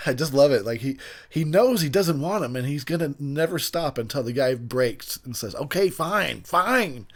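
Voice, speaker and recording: A man's voice: medium pitch, expressive, moderate pace, darkish tone. A man giving casual movie commentary while intoxicated, rambling and profane, laughing often and losing track of names mid-sentence. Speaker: film commentator.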